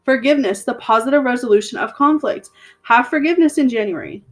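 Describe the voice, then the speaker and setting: A woman's voice: fairly high pitch, fast. Chatty woman giving a tarot reading. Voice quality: slightly hoarse voice. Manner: chatty, encouraging, repeats phrases for emphasis. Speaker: tarot reader. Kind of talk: casual tarot reading to camera.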